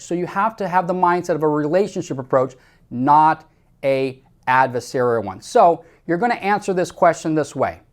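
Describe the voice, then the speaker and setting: A man's voice: sits high, darkish tone. Emphatic male sales coach giving instructions. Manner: emphatic, repetitive, direct instructions to the listener. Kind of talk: sales training talk to camera.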